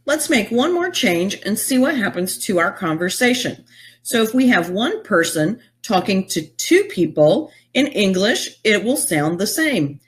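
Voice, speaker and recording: A woman from the American South with a Southern US accent gives a recorded lesson, taking her time over each example phrase. Her pitch moves up and down in a lively way, and her pace stays slow and deliberate. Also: slightly rough. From Southern United States. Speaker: teacher.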